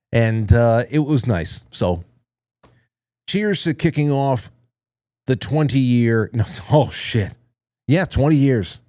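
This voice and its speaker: A middle-aged man hosts a live call-in stream and rambles through crude, self-mocking asides while reading viewer comments. His voice sits at an ordinary middle pitch. The sound is dry and close, with no room echo. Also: darkish tone. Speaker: call-in show host. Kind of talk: casual live-stream monologue.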